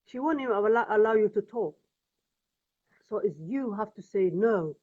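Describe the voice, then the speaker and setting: A woman from Somalia with a Somali accent and Somali as her first language, speaking English in an earnest, pleading, halting personal vlog testimony. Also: mid-range voice, animated, darkish tone. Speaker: vlogger. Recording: tinny phone-like audio.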